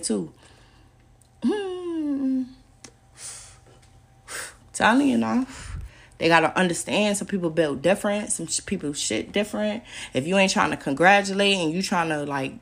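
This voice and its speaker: Blunt, profane woman ranting on a podcast. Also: medium pitch. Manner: blunt, profane, animated, laughs often. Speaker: podcast host. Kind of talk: casual podcast rant.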